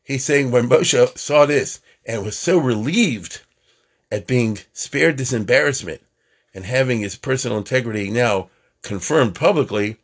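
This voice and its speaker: A man with a husky, breathy voice at a middle pitch gives an informal religious lecture. He talks in a loose, chatty way, often asking his listeners whether they follow him. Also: measured pace. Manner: chatty, checks in with listeners, counts aloud. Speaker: religious teacher.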